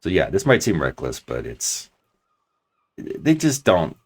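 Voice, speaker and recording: A man's voice: low-pitched, wildly swooping pitch, measured pace, breathy edge. A man commenting on his strategy game as he plays, thinking aloud and talking his plans through at length. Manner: thinking aloud, restarts and hedges while planning. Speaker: let's play commentator.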